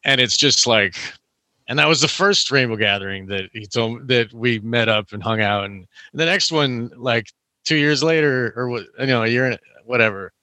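A man's voice: mid-range voice, normal speed, pushed and bright, no echo. A young man telling a long story in casual chat, rambling with lots of "like" and "you know".

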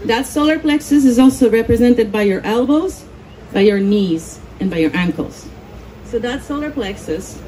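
Woman presenter, explanatory, soft warm tone, faint background ambience. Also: medium pitch, slight background noise, poor audio. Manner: explanatory, demonstrating on a volunteer. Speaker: speaker at a conference. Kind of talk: live talk to an audience.

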